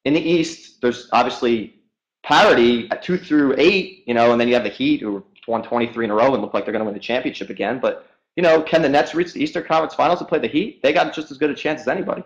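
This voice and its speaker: A man who is a guest sports reporter, talking very quickly in a casual chat and leaning on lots of "I mean"s. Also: mid-range voice, muffled recording. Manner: talks very fast, many "I mean"s.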